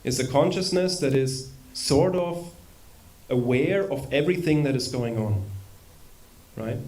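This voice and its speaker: A man's voice: mid-range voice, unhurried, a little mellow. A man giving an informal spiritual lecture to a live audience in a temple hall. He talks conversationally, with humorous asides and rhetorical questions.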